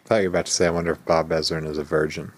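A man with a very deep voice chats on a casual podcast. He jokes in a dry, self-mocking way. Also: level tone, rapid-fire. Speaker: podcast co-host.

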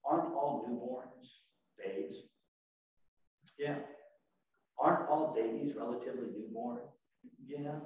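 A man preaching a sermon as pastor, animated, swinging from shouts to quiet asides. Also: mid-range voice, slow pace, pauses often, muffled recording. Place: church sanctuary. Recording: echoey church room from far off.

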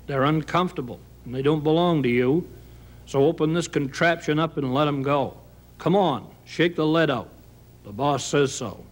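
A man's voice: fairly high pitch, normal speed, natural voice. A man voicing a surly old sea serpent. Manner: surly, bossy.

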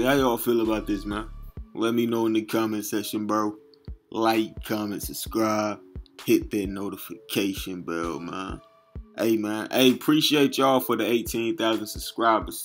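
A man with a low, gravelly voice runs a laid-back commentary vlog, riffing in street slang. Faint music plays underneath him. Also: fairly even intonation, unhurried. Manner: loose street slang, reads captions aloud. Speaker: YouTube commentary host.

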